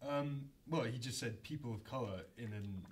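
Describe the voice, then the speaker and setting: A young man co-hosting a casual podcast chat, talking in a relaxed, halting way. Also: mid-range voice, a little hiss or hum. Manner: relaxed, hesitant, with many restarts. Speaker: podcast co-host.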